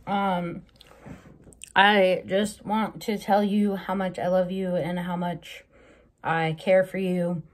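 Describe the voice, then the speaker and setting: A woman recording a tender personal video message for a friend, hesitant and gentle, pausing often. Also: lowish voice, flat delivery. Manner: tender, hesitant, many pauses and ums.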